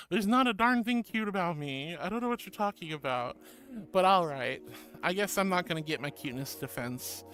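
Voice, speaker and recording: A woman's voice: on the low side, lively intonation, moderate pace, fairly bright tone, faint music behind. A woman streamer chatting casually and reading her chat aloud, playful and teasing, with mock protests. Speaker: VTuber streamer.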